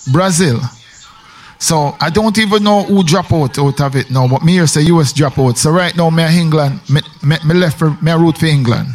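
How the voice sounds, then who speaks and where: A man with a Jamaican accent chatting casually on the radio, rambling and emphatic with many repetitions. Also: fairly high pitch. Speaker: radio host.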